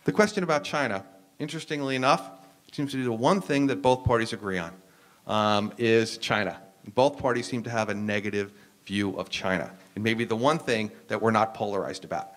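An American university professor speaking on a panel, explaining at length with frequent "um"s and restarts. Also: male voice, fairly low pitch, a little fast, a bit bright. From United States. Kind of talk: lecture-style discussion.

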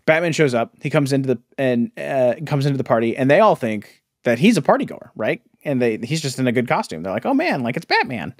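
A man's voice: mid-range voice, sing-song, fairly quick, hardly any pauses, no echo, clean studio sound. A man co-hosting a casual comic podcast chat, who laughs often and talks in a mocking, incredulous way. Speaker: podcast co-host.

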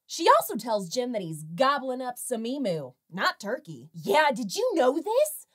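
A woman's voice: sits high, wildly swooping pitch, unhurried, breathy edge. A woman hosting a comedic film review, narrating with sarcastic, jokey asides. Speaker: film reviewer and show host.

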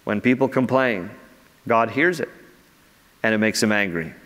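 Earnest pastor preaching in a hall. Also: male voice, lowish voice, normal speed, fairly bright tone. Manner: earnest preaching, rising emphatically on key phrases. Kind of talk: sermon. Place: church sanctuary.

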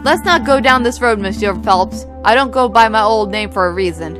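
A woman's voice: medium pitch, expressive, moderate pace, over music, lightly acted. A woman reading a terse, dry veteran male falcon lawyer from a game. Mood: curt.

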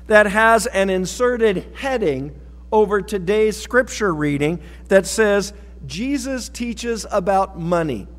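A man's voice: high-pitched, fairly bright tone, in a large hall. A male pastor giving a sermon in a folksy, conversational way with light humor, recorded in a church sanctuary.

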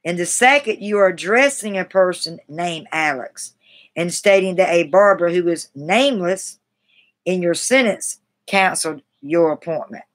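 A woman's voice: on the low side, expressive. A woman on a live stream reading aloud from a grammar book, stumbling over and restarting words, with chatty asides to her viewers. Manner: halting, restarts words, self-deprecating and chatty.

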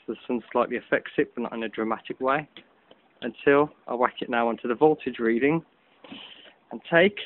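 Man, casual hobbyist vlogger, loose and chatty; outdoor phone recording, tinny narrow sound. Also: mid-range voice. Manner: chatty, loose, with many ums and self-corrections. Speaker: hobbyist video maker. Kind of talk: casual demonstration vlog. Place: outdoors in afternoon sun. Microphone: phone camera.

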